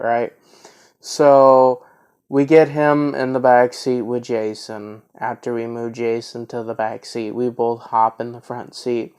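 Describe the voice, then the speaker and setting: A man's voice: mid-range voice, level tone, unhurried, a little mellow, clean tone. A man in his twenties telling a story casually, rambling with lots of fillers and restarts. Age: 20s.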